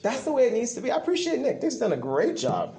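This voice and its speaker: A man's voice: very high-pitched, quick pace, vocal fry, a crowd in the background. A man preaching a sermon with passion, repeating himself for emphasis and telling stories. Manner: impassioned, repetitive, animated storytelling. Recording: echoey room.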